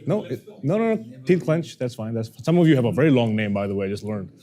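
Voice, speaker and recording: Faint music plays behind a communication coach who speaks fast in a medium pitch while teaching a workshop audience how to speak. Animated, he acts out whoever he quotes.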